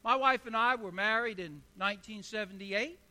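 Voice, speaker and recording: A man's voice: high-pitched, moderate pace, pushed and bright. A man in his sixties preaching a sermon, telling stories with emphatic, repetitive rhetoric. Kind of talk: sermon with storytelling.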